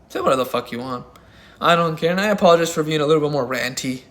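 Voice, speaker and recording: A man's voice: fairly high pitch, expressive, very fast, a bit bright. A man ranting through his opinion commentary as a channel host, swearing often and hammering each point with emphatic repetition. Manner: profane, heated and emphatic.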